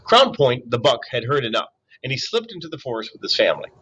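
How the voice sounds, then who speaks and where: A man reading a children's novel aloud in an expressive way, with asides to young listeners. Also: mid-range voice, fast, husky, muffled recording. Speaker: reader.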